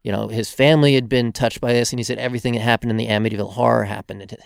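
A man who is a guest author, telling stories in a halting way full of fillers. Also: medium pitch, steady tone, creaky, dry recording, studio quality. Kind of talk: casual interview storytelling.

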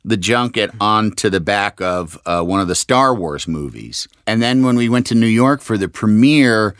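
A man's voice: fairly low pitch, animated, moderate pace, fairly bright tone, smooth, no echo, clean studio sound. A man, a voice actor, telling a rambling story in a casual interview, correcting himself and acting out quotes. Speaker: voice actor guest.

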